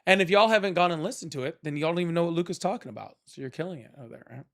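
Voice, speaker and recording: A man's voice: on the high side, a bit bright. A man hosting a live political call-in stream, chatting casually and pressing callers hard. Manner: argumentative, quick to press callers.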